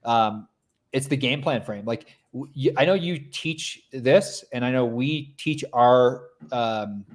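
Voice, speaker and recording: A man's voice: medium pitch, slow. A man co-hosting a casual podcast chat, talking loosely with lots of fillers.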